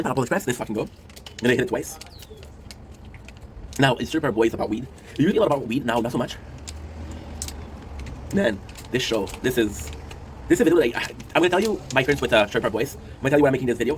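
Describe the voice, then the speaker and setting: A man's voice: medium pitch, very fast, pauses often, slight background noise. A man in his thirties hosting a casual commentary show, rambling emotionally with lots of fillers and swearing. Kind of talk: casual chat to camera.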